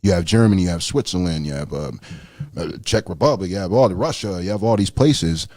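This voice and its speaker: A man's voice: lively intonation, fairly quick, darkish tone, no echo, clean studio sound. A young man who is a guest rapper, chatting casually on a call-in radio show, laid-back and swearing freely. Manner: laid-back, swears freely, squeals high when acting out his own surprise.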